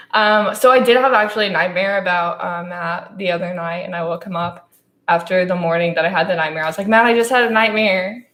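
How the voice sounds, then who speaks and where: A woman's voice: fairly low pitch, steady tone, a little fast, a bit bright. Young woman, podcast co-host, playful, dramatic storytelling, echoey room. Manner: playful, laughs often, dramatic retellings. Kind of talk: casual chat.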